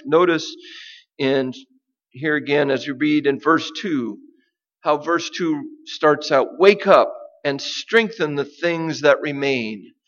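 A man's voice: a little high, a bit bright. Emphatic male preacher, dull recording. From United States. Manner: deliberate, emphatic preaching with dramatic pauses. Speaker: pastor. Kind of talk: sermon.

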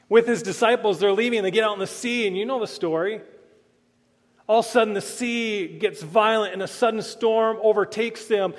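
A man preaching a sermon as pastor, earnest, rising loud then dropping to a quiet hush. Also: high voice, big-room sound.

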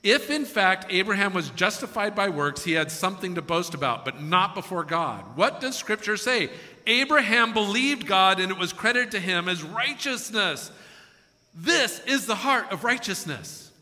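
A man preaching a sermon to a congregation, animated and acting out quoted voices with chuckles. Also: sits high, normal speed. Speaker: pastor. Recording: long hall reverb.

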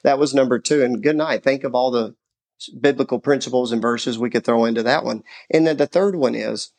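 A middle-aged man, a father of grown children, talking earnestly about parenting and faith in a casual chat, telling stories with animated asides. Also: mid-range voice, a little fast.

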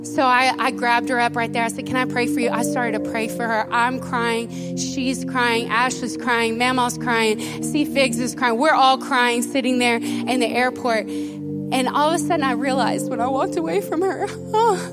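A woman pastor giving a sermon, chatty and animated, telling personal stories and speaking directly to her congregation at a church service. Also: fairly high pitch, normal speed, over loud music.

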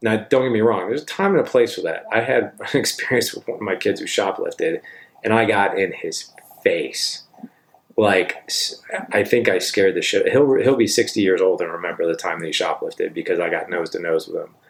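A middle-aged man talks parents through his approach in a relaxed coaching style, leaning on points and tossing in quick tag questions. His voice sits fairly low with a gravelly fry underneath. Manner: emphatic, frequent tag questions. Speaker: parenting speaker. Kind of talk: conversational coaching talk.

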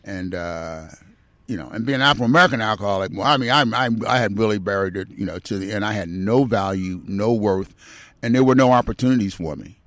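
Older man, seventies, counselor, candid storytelling, lowish voice. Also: fairly quick, fairly bright tone, dry recording. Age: 70s. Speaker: addiction counselor guest.

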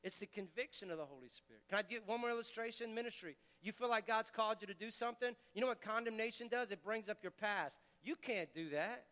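A man's voice: sits high, fast talker, few pauses, bright, forceful tone. A male pastor preaching a sermon in a church, impassioned and conversational, often restarting his sentences. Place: church sanctuary. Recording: long church reverb.

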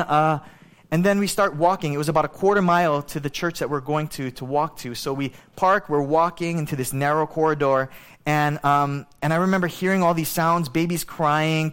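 A man preaching a sermon, telling a story in a chatty, animated way with many fillers. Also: fairly high pitch, moderate pace, clear, resonant tone. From Hawaii. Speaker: pastor.

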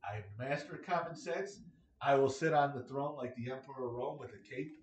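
A man's voice: medium pitch, a little fast, slight background noise. A middle-aged American man hosting a casual solo podcast, rambling and joking with blunt opinions. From United States. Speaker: podcast host. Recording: echoey room, mic at a distance.

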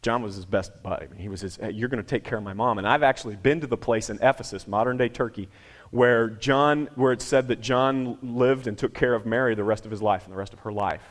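Emphatic conversational man preaching a sermon. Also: on the high side. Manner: conversational, emphatic, repeats phrases for effect. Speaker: pastor.

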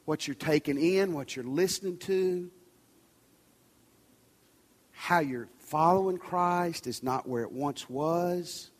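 A man preaching a sermon as a pastor in a large church, talking to the congregation in a conversational way and at times dropping his urgent pleas to a soft near-whisper. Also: a little high, slow, long pauses. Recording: reverberant large church hall.

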